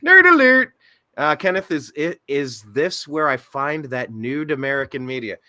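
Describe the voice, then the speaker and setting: A man hosting a casual podcast chat, joking and animated. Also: medium pitch, moderate pace. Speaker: host.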